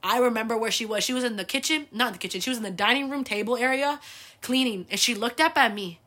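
A young woman from the United States tells family stories in her own show. Her voice sits a little high and sounds bright and forceful. She chats loosely, swears freely and fills gaps with "like" and "um". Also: quick pace. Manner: chatty, swears freely, lots of fillers. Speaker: host. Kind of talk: casual storytelling monologue.

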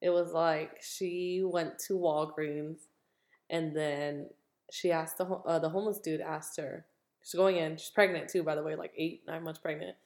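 A woman co-hosting a casual podcast, retelling a story with plenty of swearing. Her voice sits a bit low, and the room gives her an echoey ring. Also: steady tone, normal speed, darkish tone. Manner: profane, chatty retelling of a relative's story. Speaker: podcast co-host.

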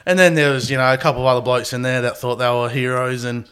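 A man's voice: mid-range voice, steady tone, quick pace, fairly bright tone, clean tone. A man hosting a podcast, telling a rambling story and laughing through his own anecdotes. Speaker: podcast host. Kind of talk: casual chat.

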